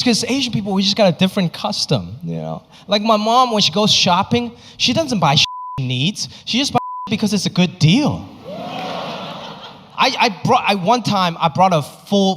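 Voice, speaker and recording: A young Hong Kong comedian performs a stand-up set live on stage before an audience, his high voice jumping all over its range as he spins animated stories and flips into his family members' voices. A long hall reverb surrounds him, along with a little hiss or hum.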